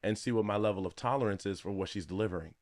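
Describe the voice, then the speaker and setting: A man as a podcast guest, a relationship coach explaining advice in a calm, explanatory way. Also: fairly low pitch, very fast. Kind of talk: casual interview chat.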